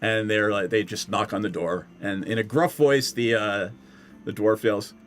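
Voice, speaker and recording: A man's voice: fairly low pitch, normal speed, fairly bright tone, faint music behind. A man narrating as game master for a tabletop game, in a loose, rambling way with lots of fillers.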